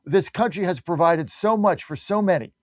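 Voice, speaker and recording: A man's voice: high voice, moderate pace, no echo, clean studio sound. A man hosting a talk radio show, delivering an emphatic, combative opinion monologue full of rhetorical questions.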